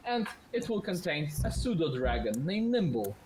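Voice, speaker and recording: A man's voice: on the high side, sing-song, normal speed, few pauses, a little mellow, echoey room, slight background noise, low-quality recording. A man narrating as game master, explaining at length with fillers and restarts. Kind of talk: narrating a tabletop game over voice chat.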